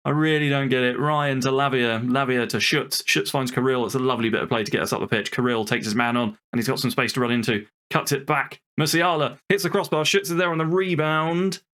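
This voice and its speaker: A man's voice: mid-range voice, steady tone, a little fast, hardly any pauses, a bit bright. A young man commenting casually on a football management game he plays, frustrated and swearing, talking to himself and his players. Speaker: video game streamer.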